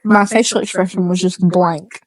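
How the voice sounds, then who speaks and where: A woman's voice: on the low side, steady tone, moderate pace, dry recording. A woman co-hosting a casual podcast, telling rambling stories with lots of laughter and casual swearing. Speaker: podcast co-host.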